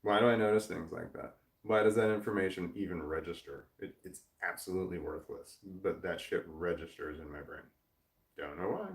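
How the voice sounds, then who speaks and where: A man's voice: deep voice, fairly even intonation, a little fast, vocal fry. A man hosting a casual livestream, reading chat aloud, rambling, swearing often and laughing a lot. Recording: roomy echo.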